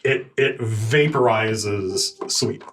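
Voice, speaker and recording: A man's voice: lowish voice, drawn-out words, a bit bright. A man running a tabletop game as game master, describing scenes vividly and speaking for his characters.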